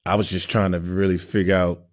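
A man's voice: low-pitched, flat delivery, a little fast. A man who is a professional football player, speaking candidly as an interview guest and often repeating phrases as he searches for words.

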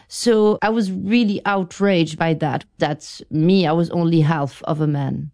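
Low, smooth-voiced woman recalling her past. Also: a little mellow. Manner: thoughtful, halting, with restarts. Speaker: interview guest, writer. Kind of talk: reflective interview answers.

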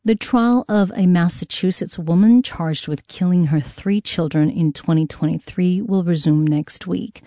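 Female newsreader, low dark voice, even measured bulletin read. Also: no room sound, studio quality. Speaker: newscaster. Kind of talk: scripted news read.

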